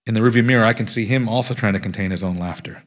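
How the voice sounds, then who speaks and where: A man with a husky, slightly breathy voice reads from his own memoir in front of listeners. He slips into lively, animated voices for the quoted speech. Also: lowish voice, racing. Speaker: author reading from his book. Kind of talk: live reading of a nonfiction memoir.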